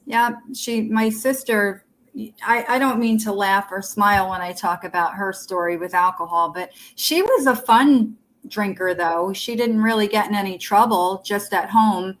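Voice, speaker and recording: A woman's voice: mid-range voice, normal speed, a little hiss or hum, rough recording. Woman chatting on a stream, tells long stories, lots of restarts. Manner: chatty storyteller, hesitant restarts. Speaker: co-host of a livestream chat show. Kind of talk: casual chat.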